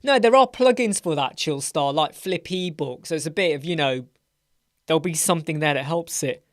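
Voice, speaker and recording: A man's voice: on the high side, normal speed, fairly bright tone, dry recording, studio quality. Chatty, playful English man hosting. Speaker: web design live stream host. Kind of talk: casual live chat Q&A. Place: home room with a door.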